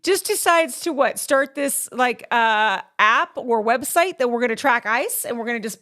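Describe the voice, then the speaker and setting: A woman co-hosting a casual political chat in a fairly high voice. She talks bluntly and with exasperation, mixing in teasing, joking remarks. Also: lively intonation, normal speed, bright, forceful tone. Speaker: podcast co-host.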